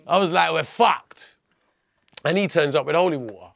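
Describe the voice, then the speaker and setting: A man, telling a story as a podcast guest in a lively, profane way. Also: on the high side, normal speed, gravelly. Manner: animated, profane, laughing storyteller. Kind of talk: storytelling in conversation.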